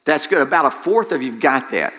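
A man's voice: medium pitch, expressive, brisk, pushed and bright, a little hiss or hum. A male preacher giving a sermon who often restarts phrases and draws the congregation into call-and-response. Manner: repeats himself, engages the congregation with call-and-response.

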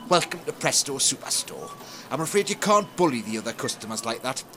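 A man's voice: mid-range voice, very animated, a little fast, over music. A man playing a polite, dim-witted shop assistant in a comedy audio play.

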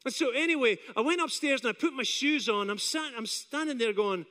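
A Scottish man in his forties, preaching a sermon as an animated, self-deprecating storyteller who acts out his own doubts. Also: very high-pitched, fairly quick, long reverb tail. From Scotland. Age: 40s.

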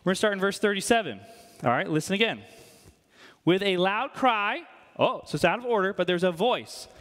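A man preaching a sermon in church, animated and conversational, quizzing the congregation. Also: high voice, quick pace. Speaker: pastor. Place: church hall. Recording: long hall reverb.

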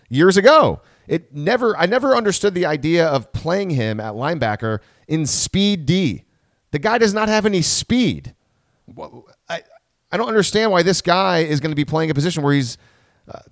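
A man's voice: fairly high pitch, big pitch swings, dry recording, clean studio sound. A man hosting a casual sports podcast, rambling and correcting himself as he talks through the team. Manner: rambling, self-correcting, quick asides. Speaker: podcast host.

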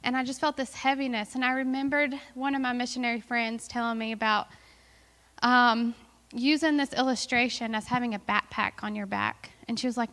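Female missionary guest, earnest and chatty, slightly high voice, long church reverb. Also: level tone, normal speed, fairly bright tone. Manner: earnest, emotional, chatty with fillers. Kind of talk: testimony in church.

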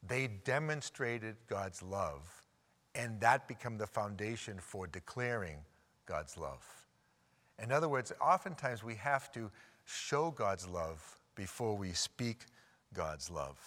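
A middle-aged man delivers a sermon in a storytelling way. His voice sits a little low, and he drops his pace to press key words home. A long reverb trails his voice through a church hall. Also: animated, a bit bright. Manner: storytelling, slows down for emphasis. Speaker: preacher.

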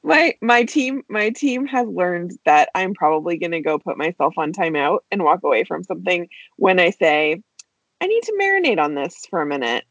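A woman co-hosting a podcast in casual chat, chatty and quick to laugh. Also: lowish voice, lively intonation, a bit bright, no room sound. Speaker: podcast co-host, practice manager.

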